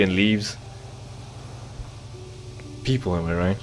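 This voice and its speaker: A man's voice: on the low side, slow pace, pauses often, a little hiss or hum. A man giving sarcastic, rambling commentary over a game he is playing and reading its dialogue aloud. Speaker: let's play commentator. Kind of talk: casual gameplay commentary.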